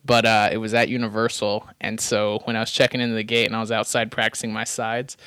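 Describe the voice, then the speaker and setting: A man's voice: lowish voice, little pitch movement, fast, fairly bright tone, clean tone, dry recording. A young man hosting a podcast, chatting casually in a rambling, self-deprecating way and laughing often. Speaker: podcast host. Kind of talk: casual chat.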